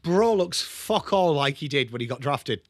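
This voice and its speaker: A man's voice: fairly high pitch, expressive, moderate pace, no room sound, studio quality. A young man hosting a live football watchalong, calling the play and chatting with viewers in a casual, swearing, bantering way. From England. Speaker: watchalong host.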